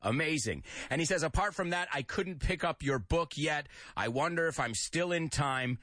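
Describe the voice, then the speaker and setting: A man's voice: on the high side, animated, normal speed, sharp tone, no room sound. A man hosting a radio show, reading listener comments aloud and teaching English idioms, with bits of Spanish mixed in. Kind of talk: lively radio show chat.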